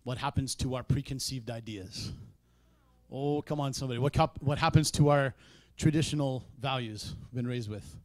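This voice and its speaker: A man preaching a sermon in a church, conversational in tone, with sudden loud emphatic peaks. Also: mid-range voice, moderate pace, no room sound. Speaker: pastor.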